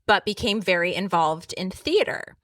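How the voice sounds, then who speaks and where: A woman's voice: mid-range voice, animated, normal speed, a bit bright, dry recording, far from the mic. A woman in her thirties co-hosting a podcast, chatty and laughing often as she goes off on tangents. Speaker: podcast co-host. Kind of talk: casual chat.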